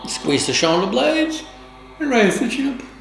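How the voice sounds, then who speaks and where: A woman yoga teacher giving calm, measured instructions with formal, old-fashioned phrasing during a guided class. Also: a little high, creaky, faint music behind. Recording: roomy, echoey room.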